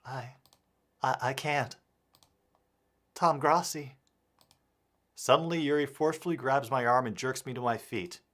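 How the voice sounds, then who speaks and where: Give me a man playing a flustered, obsessive shy girl with a breathy, halting whisper-soft voice. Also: mid-range voice, natural voice. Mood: breathless, flustered. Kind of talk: let's play voice acting.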